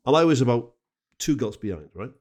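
A man on a podcast telling a lively pub anecdote, acting out the other voices. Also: mid-range voice, brisk. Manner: animated storyteller, acts out the other voices. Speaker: podcast co-host.

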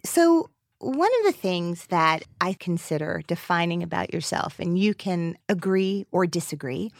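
A woman's voice: on the low side, lively intonation, a little slow, gravelly, no room sound, clean studio sound. A woman hosting an interview podcast, reading a guest introduction and then chatting in an upbeat, teasing way. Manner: upbeat, teasing, laughs often. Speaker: podcast host.

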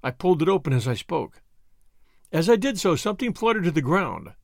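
A man reads a story aloud, measured and expressive, his pitch moving widely on a fairly high voice. There is a gravelly texture, and the recording is close and dry. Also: no room sound. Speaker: audiobook narrator. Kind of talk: scripted narration.

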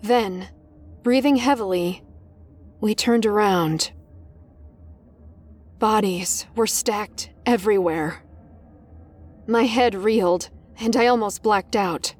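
A woman's voice: medium pitch, slow pace. A woman narrating a first-person horror story in a tense, dramatic manner. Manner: tense, dramatic, rising in panic.

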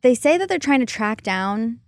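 A woman's voice: fairly high pitch, big pitch swings, moderate pace, no room sound, clean studio sound. A woman co-hosting a casual entertainment news chat, chatty and joking as she runs through stories. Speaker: co-host.

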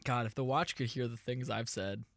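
Male podcast host, bright edge, dry close mic, rambling deadpan storyteller. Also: medium pitch, normal speed, vocal fry, no echo. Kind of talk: casual advice podcast banter.

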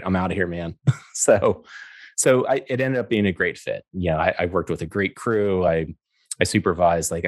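A middle-aged man with a very low voice tells stories in a relaxed chat, and he acts out every quote. The sound is close and dry, with no room around it. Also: dry recording. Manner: animated, acts out quotes, laughs often. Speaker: guest. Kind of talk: casual storytelling interview.

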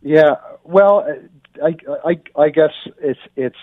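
A man's voice: a little high, takes it slowly, no room sound. A man from Ontario giving blunt, opinionated commentary over the phone, often restarting his sentences. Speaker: guest commentator. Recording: tinny dry phone line.

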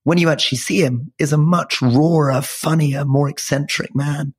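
A Scottish man with a hoarse, croaky voice co-hosting a political podcast, telling anecdotes in a measured, softening way. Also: a little high, fairly even intonation. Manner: measured storyteller, drops soft for anecdotes. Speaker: podcast co-host. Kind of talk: casual political podcast chat.

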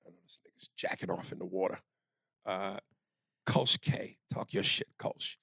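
A man co-hosting a podcast in casual chat, reading listener emails aloud and breaking into loud bits and silly voices. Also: low voice, moderate pace, gravelly, breathy edge, no echo. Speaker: podcast co-host.

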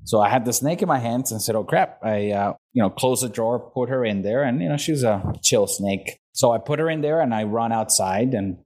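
A man from Venezuela, a guest in an interview, telling stories in a lively way, acting out the people in them and laughing along. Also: mid-range voice, brisk, hardly any pauses. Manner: animated storyteller, acts out quotes and laughs. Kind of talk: storytelling in an interview.

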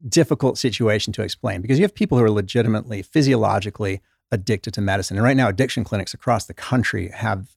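This interview guest is a middle-aged man, an author and former doctor, who speaks fast in a lowish, husky voice with vocal fry and few pauses. He tells stories conversationally, animatedly performing the voices of patients he quotes. The recording is studio quality with no echo.

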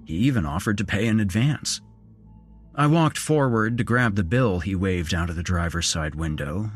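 A man narrating a horror story in a measured, grim way. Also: sits low.

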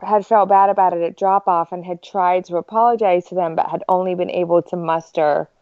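A woman's voice: on the low side, fairly even intonation, brisk, no room sound, lo-fi sound. A woman co-hosting a casual podcast, candidly recounting a conversation. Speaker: podcast co-host. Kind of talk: casual chat among friends.

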